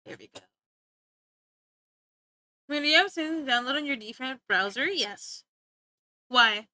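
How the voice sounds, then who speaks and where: A woman's voice: high-pitched, animated, measured pace, sharp tone, no echo. A woman streaming live, chatting casually with her viewers, often giggling and talking back to chat. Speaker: livestreamer.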